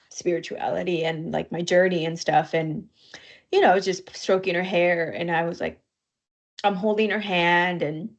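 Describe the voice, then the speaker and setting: A woman co-hosting a podcast, telling a personal story in an emotional, halting way, near tears. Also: lowish voice. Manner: emotional, halting, with fillers and soft laughs. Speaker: podcast co-host.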